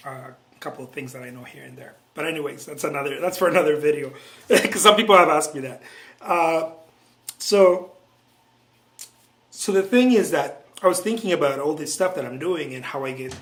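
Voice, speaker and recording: A male painter vlogs from his studio, musing aloud in a loose, self-interrupting way with frequent chuckles. His voice sits a touch high and he keeps it hushed for the late hour. The room around him rings with a clear echo. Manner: loose and self-interrupting, chuckling often, many restarts and asides; talking low late at night. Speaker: painter vlogging about his work. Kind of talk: casual rambling monologue to camera. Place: art studio indoors.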